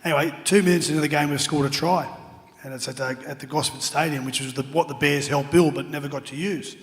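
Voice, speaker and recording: A man's voice: on the high side, fairly even intonation, quick pace, in a large hall. A middle-aged Australian man telling funny stories as a guest speaker at an awards night. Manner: jokey anecdotes with acted-out shouts. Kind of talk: after-dinner storytelling.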